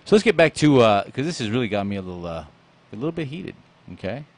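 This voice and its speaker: A man's voice: mid-range voice, sing-song, fast, dry recording. A man hosting a casual radio talk show, joking and laughing easily in a studio.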